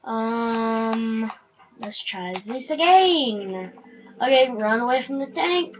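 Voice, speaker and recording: A young woman commentating her own shooter gameplay, swinging between easy chatter and yelling and swearing at other players. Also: on the high side, slow pace. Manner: excitable, yelling and swearing at opponents. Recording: dull lo-fi sound.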